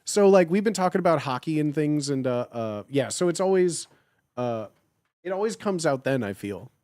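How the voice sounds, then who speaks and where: A man from Illinois with a Chicago accent chats loosely on a live stream, drifting between topics and padding his sentences with "like". His voice sits on the higher side for a man. The recording is close and dry. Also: animated, moderate pace, a little mellow, no room sound. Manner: rambling, lots of filler "like". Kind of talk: casual stream chat.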